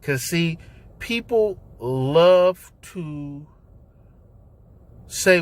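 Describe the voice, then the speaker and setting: A man's voice: fairly high pitch, slow, a bit bright, clear, resonant tone. A man hosting his own talk vlog from inside his car, speaking in a loose, conversational way with slang and fillers as he preaches his point. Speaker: host.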